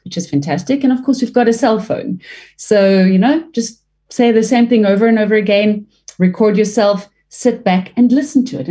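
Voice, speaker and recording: Woman, voice coach, warm mellow tone, expressive delivery, interview answers. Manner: expressive, varies pitch and pace to demonstrate; fluent with frequent restarts. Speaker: leadership trainer and voice coach.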